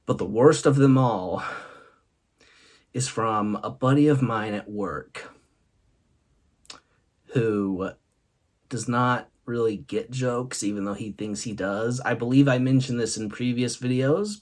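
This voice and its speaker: A man's voice: medium pitch, a little slow, long pauses, a little mellow. Laughing man telling funny stories. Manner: laughs often, punchline-driven. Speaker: host. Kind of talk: comic storytelling monologue.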